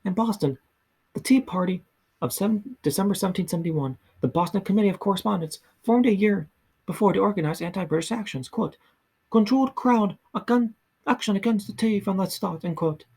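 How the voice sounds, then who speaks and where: Husky, gravelly man reading softly for ASMR. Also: high voice. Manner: slow, halting reading with frequent slips and restarts. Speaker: ASMR reader. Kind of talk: soft ASMR book reading.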